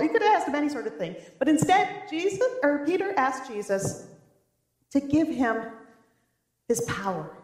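A woman pastor preaching a sermon, telling the story in a lively, animated way. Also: sits high, normal speed. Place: church. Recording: roomy church echo.

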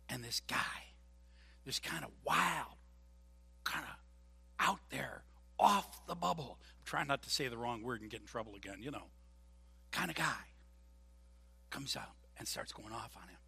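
A man preaching a sermon as pastor, animated and joking, acting out voices. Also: medium pitch, gravelly, husky, big-room sound. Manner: animated, jokey, acts out voices. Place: church.

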